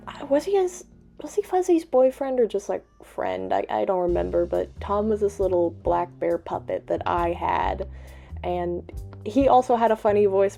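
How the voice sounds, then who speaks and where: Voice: medium pitch, gravelly, mellow. A vlogger chatting casually at home while cleaning a toy, rambling and often breaking off to laugh.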